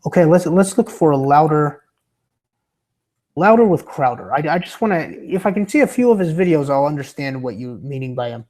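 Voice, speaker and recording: A young man on a livestream, his voice sitting a bit high for a man and roughened by a sore throat. He rambles casually with lots of restarts, and his pitch drifts around as he slips in and out of a livelier entertainer tone. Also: expressive, fairly quick, a little mellow. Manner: rambling, stammering, with many restarts. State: sore throat from being sick. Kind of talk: casual chat reading viewer comments.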